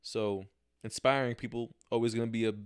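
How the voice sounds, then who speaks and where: A young man hosts a casual solo podcast livestream, speaking directly into a camera. He sounds candid and unpolished, dropping slang and swearing freely as he acts out his own reactions. His voice sits at an ordinary middle pitch for a man. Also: fairly even intonation, a little fast, clear, resonant tone. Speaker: podcast host. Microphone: camera mic, talking to camera.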